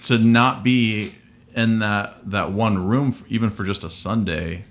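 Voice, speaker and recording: A male pastor speaking thoughtfully in a casual podcast conversation, often pausing to find his words. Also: on the low side, steady tone.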